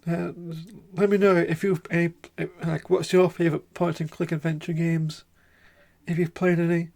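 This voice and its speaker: A man streaming a point-and-click game, chatting casually and reading the on-screen text aloud in a halting way, often repeating words. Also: fairly high pitch, level tone, gravelly, a little mellow.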